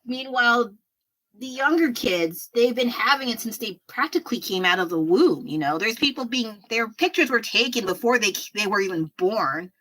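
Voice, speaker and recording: A woman's voice: a little high, lively intonation, moderate pace, fairly bright tone, rough recording. A woman in her thirties chatting casually with viewers during a painting livestream, rambling and self-deprecating. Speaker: artist livestreaming while painting.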